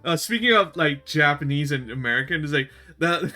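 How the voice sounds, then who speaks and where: A man's voice: fairly high pitch, animated, fairly quick, pushed and bright. A man whose first language is a southern Chinese dialect related to Cantonese, chatting casually as a guest, laughing often and rambling with many fillers. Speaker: guest voice actor. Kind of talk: casual chat.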